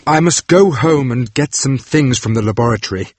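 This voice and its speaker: A man voicing a cold, reluctant scientist in an audiobook, stern and husky, recorded dry. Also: medium pitch, lively intonation, moderate pace, no echo, natural voice. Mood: tense. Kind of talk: audiobook dialogue.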